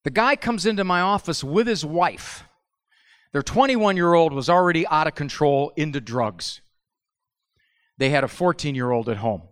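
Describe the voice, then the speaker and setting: A man's voice: on the high side, normal speed, clean tone. A middle-aged man giving a humorous live talk, telling stories and acting out family members' voices. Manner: animated storyteller, acts out family voices. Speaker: speaker at a parenting talk. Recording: long hall reverb.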